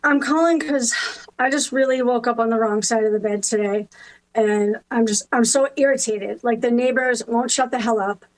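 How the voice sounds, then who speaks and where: A woman's voice: on the high side, moderate pace, lightly acted, low-quality recording. A woman playing an irritated caller fuming about her neighbor, cranky and swearing in an improv comedy scene. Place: video call from home.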